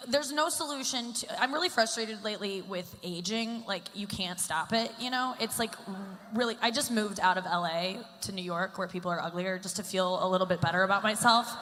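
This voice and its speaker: On stage in front of a live crowd, a thirty-something comedian rambles through a self-deprecating set, leaning heavily on "like." She speaks in a mid-range voice with a sharp tone, and the sound carries a long hall reverb over faint ambience.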